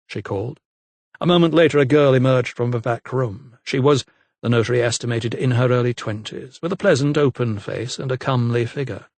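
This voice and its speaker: A man narrating an audiobook in a measured, steady storytelling manner, close on the mic. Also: mid-range voice, no room sound. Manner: measured, evenly paced storytelling. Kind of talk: scripted narration.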